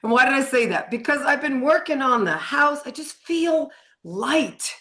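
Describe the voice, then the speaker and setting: A woman's voice: high voice, animated, normal speed, fairly bright tone. A middle-aged woman coaching on sugar addiction in a live online training, chatty and frank, swearing casually and laughing often.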